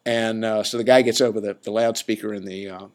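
A man with a fairly low voice chats through his podcast in a loose, rambling way. He wanders between stories, piling up fillers and restarting his sentences as he goes. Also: steady tone, brisk. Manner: chatty, laid-back, lots of fillers and self-corrections. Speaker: podcast host. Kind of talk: casual rambling storytelling.

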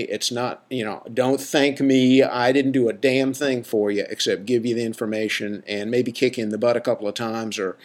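A man, a coach and teacher, giving a podcast monologue in a blunt, emphatic way, often checking in with a "right?". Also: mid-range voice. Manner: emphatic, drives points home with repeated "right?"; blunt, casual, occasional swearing.

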